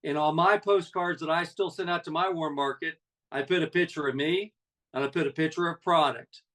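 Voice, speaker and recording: A man's voice: fairly high pitch, fairly even intonation, fairly quick, a bit bright, recorded from a distance, rough recording. A man in his sixties, a network marketing leader, giving a folksy, conversational motivational talk full of personal stories.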